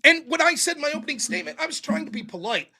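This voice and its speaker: A man's voice: very high voice, big pitch swings, very fast, pushed and bright, a little hiss or hum. A man casually recapping a debate he took part in, talking bluntly and swearing often. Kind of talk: casual post-debate chat.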